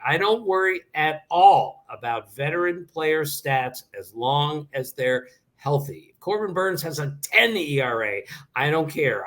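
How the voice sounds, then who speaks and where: Older man from Maryland, guest analyst, fairly high voice, tells anecdotes with lively energy, casual interview talk. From Maryland area. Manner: animated anecdotes, quoting people.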